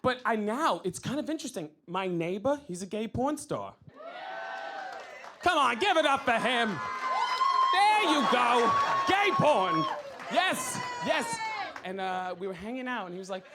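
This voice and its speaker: A man's voice: extremely high pitch, sing-song, measured pace, very noisy. A man doing a stand-up set on a club stage, flamboyant and playful with the crowd. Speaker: stand-up comedian.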